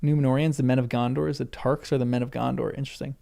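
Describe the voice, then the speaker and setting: A man's voice: mid-range voice, little pitch movement, racing, vocal fry, dark tone. A man reading a novel aloud for the first time, breaking off for chatty asides and correcting his own slips. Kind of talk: reading aloud with casual commentary.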